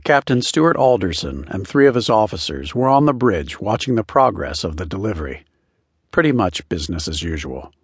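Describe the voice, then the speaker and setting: Husky-voiced male audiobook narrator. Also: deep voice, big pitch swings, moderate pace, dry recording, studio quality. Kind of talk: scripted narration.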